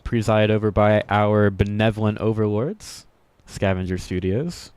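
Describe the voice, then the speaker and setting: Smooth, darkish, and fairly low-pitched, this male esports commentator speaks a little slowly with no echo. His play-by-play of the video game match is upbeat and jokey, full of chuckles and self-mockery.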